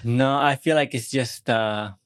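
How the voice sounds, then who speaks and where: A man's voice: medium pitch, a little slow, clean tone, dry recording, clean studio sound. A young American man in casual podcast chat, rambling and self-deprecating, swearing often and restarting his sentences. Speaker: podcast co-host.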